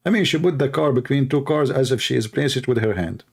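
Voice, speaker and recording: Animated man acting out little dialogues. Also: quick pace, creaky, slightly rough. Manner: animated, acts out dialogues in higher voices. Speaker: commentator. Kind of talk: casual talk to camera.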